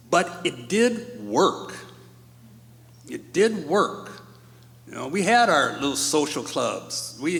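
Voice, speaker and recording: An older man telling a personal story on stage, emotional and choked up, speaking slowly and haltingly. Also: on the high side, vocal fry, fairly bright tone. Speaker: panelist at a live storytelling event. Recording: reverberant hall.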